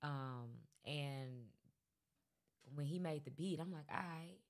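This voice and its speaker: A woman with a notably low voice, chatting in an easy, casual way. She rambles and pads her sentences with fillers as she goes. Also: slow. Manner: relaxed, rambling with many fillers. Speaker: guest rapper. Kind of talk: casual interview chat.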